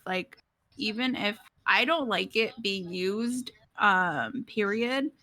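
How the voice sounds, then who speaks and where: An earnest young woman talking casually with friends and sharing firm views. Her voice sits at a middle pitch. It sounds dry and close. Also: bright, forceful tone, no echo. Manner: earnest, opinionated. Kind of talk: casual chat.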